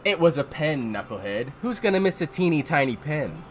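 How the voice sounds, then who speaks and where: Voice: medium pitch, very animated, brisk, a little hiss or hum, close to an everyday voice. A streamer voicing a sly, teasing female bat who steals.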